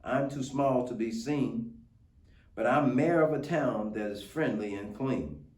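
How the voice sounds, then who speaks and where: A man's voice: mid-range voice, measured pace, darkish tone, natural voice. A man voicing a tiny, cheerful male mayor of a speck-sized town who pipes up eagerly. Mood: grateful. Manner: chirpy, piping and eager. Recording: roomy, distant mic.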